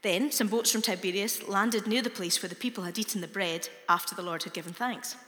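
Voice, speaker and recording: A woman reads scripture aloud slowly and deliberately. Her voice is bright and ringing. A long reverb trails each phrase, as in a large hall. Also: mid-range voice. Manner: slow, deliberate reading. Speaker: scripture reader.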